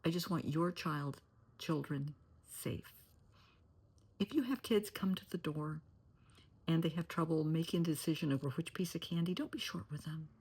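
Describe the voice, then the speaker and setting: A woman's voice: low-pitched, normal speed, darkish tone, breathy edge. A middle-aged woman therapist giving earnest, cautionary advice to parents, often dropping to a near-whisper. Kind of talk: direct-to-camera advice talk.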